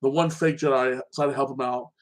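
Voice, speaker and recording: Speaking fast in a medium-pitched, steady tone, this male host gives a casual, rambling recap of a TV episode. He rants about plot holes with strong opinions, keeps saying "like that," and often starts sentences over.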